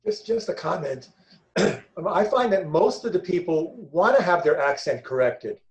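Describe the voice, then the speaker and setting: A man's voice: a little high, expressive, unhurried, low-quality recording. A man who tutors volunteers, making a thoughtful comment in a workshop discussion and repeating words as he hunts for them.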